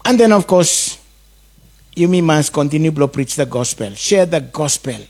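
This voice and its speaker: A man's voice: a little high, animated, normal speed, darkish tone. A man preaching a sermon, in repeated rhythmic calls.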